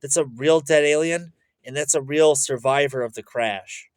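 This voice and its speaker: A man's voice: fairly high pitch, normal speed. A young man talking to camera in a rambling, agitated monologue, full of restarts and fillers. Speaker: vlogger.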